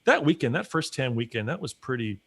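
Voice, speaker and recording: A man's voice: medium pitch, a little fast. A man in casual livestream chat, telling stories with energy and acting out what he and others said. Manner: animated storyteller who acts out his own quotes. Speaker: guest and regular collaborator.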